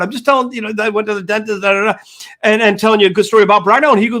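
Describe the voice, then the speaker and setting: A man's voice: high voice, steady tone, racing, fairly bright tone. An older man co-hosting a casual sports talk show, telling rambling stories and acting out quoted dialogue. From United States. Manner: storytelling, acts out quoted dialogue. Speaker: podcast co-host. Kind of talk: casual chat.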